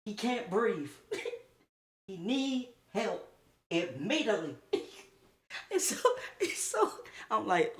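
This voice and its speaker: A young man streaming a casual storytime, slangy and animated, laughing often as he talks. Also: high-pitched, slow, long pauses.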